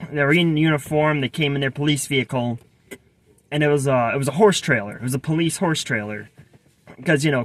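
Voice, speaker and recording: A man's voice: mid-range voice, fairly bright tone. A man casually telling a personal story, rambling with many restarts and asides. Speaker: vlogger.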